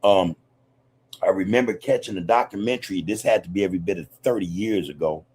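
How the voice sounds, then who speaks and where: A man holds forth on his podcast in a loose, rambling monologue, leaning hard on his points. His voice sits low and sounds husky. He fills his talk with street slang and constant asides. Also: fairly quick, a little mellow. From United States. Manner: rambling, emphatic, streetwise slang, lots of "man" and "you know". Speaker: podcast host. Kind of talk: casual livestream monologue.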